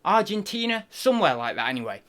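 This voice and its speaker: A man's voice: high voice, big pitch swings, fast, fairly bright tone. A man hosting a live stream, chatting casually and rambling with self-deprecating asides. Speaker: livestream host.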